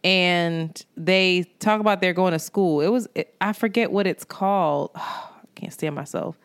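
A woman co-hosting a podcast, chatting casually with plenty of swearing. Her voice sits a little low and sounds smooth and clear. She speaks frankly and loosely, like a friend talking. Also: unhurried. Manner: candid and profane, with frequent laughs. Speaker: podcast co-host.

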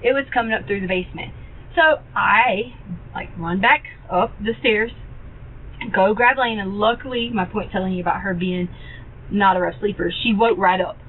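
A woman talking in a recorded police interview, rambling and halting with many fillers and restarts. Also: mid-range voice. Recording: tinny phone-like archive audio with faint hiss.

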